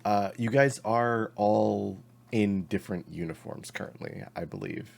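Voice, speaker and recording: Low-voiced guy gm, laughs a lot, lots of uh and um. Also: unhurried, creaky, a little mellow. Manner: laughs often, hesitant with many fillers. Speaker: game master. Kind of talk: narrating a tabletop game.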